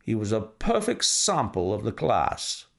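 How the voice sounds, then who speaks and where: Gravelly male audiobook narrator. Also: fairly low pitch, very animated, unhurried, fairly bright tone. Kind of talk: scripted narration.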